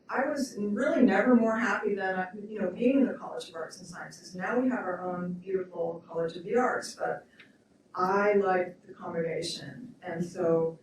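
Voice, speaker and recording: A woman's voice: medium pitch, a little mellow, distant mic, slight background noise. Emotional woman telling stories in an echoey hall. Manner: chatty, laughing, emotional storytelling. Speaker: memorial speaker. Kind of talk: spoken remembrance at a memorial event. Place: memorial event hall.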